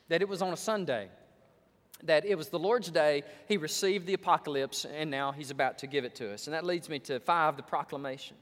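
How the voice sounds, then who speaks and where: High-voiced preaching man in a reverberant hall. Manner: emphatic preaching, stretching key words. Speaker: pastor. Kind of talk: sermon.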